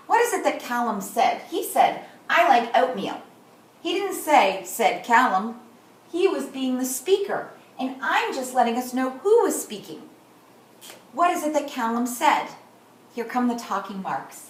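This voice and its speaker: Patient kindergarten teacher in an echoey room. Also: female voice, high voice, sing-song. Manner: slow, deliberate modeling of words and sounds. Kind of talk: teaching a class. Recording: echoey room, far from the mic.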